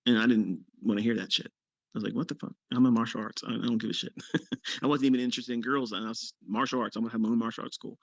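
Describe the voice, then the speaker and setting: A man in his fifties, a trading mentor, telling a story in casual talk, bluntly and with swearing, and with sudden emphatic leaps in pitch. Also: gravelly, no echo. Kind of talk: casual storytelling on a live audio chat.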